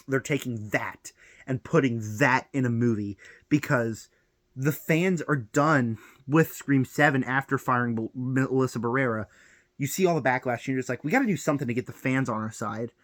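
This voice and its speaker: A man's voice: mid-range voice, fairly bright tone, no echo, studio quality. A young man ranting on a film vlog, heated and exasperated, piling up rhetorical questions. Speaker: film vlogger.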